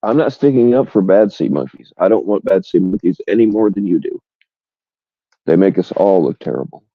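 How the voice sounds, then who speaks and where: A man's voice: low voice, animated, fairly quick, no echo, muffled recording. A man voicing an aggrieved, defensive little male sea monkey, earnest and insistent.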